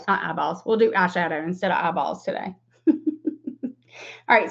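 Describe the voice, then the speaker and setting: A talkative Southern woman in her forties rambles warmly through a makeup livestream, greeting viewers and laughing along the way. Her pitch sits mid-range, and the recording sounds a bit dull and lo-fi. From American South. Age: 40s. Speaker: makeup vlogger. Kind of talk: casual livestream makeup chat.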